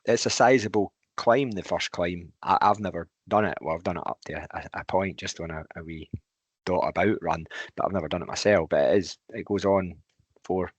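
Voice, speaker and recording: A man's voice: low-pitched, brisk, slightly rough, no echo. A man hosting a podcast, asking questions in a hesitant way with many ums. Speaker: podcast host. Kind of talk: casual podcast interviewing.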